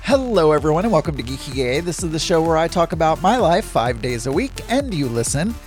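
Middle-aged man, podcast host, casual solo chat, rambling, self-deprecating, bouncy pitch. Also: big pitch swings, fairly quick, faint music behind.

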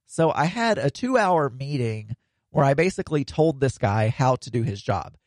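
A man's voice: mid-range voice, big pitch swings, normal speed, a little mellow, no room sound. A man hosting a casual solo podcast, rambling with plenty of fillers and restarts.

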